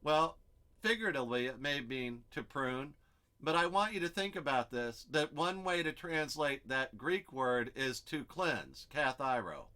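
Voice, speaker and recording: A man's voice: mid-range voice, animated, measured pace, pushed and bright. A man teaching an expository Bible study, explaining step by step and thinking aloud as he works through the text.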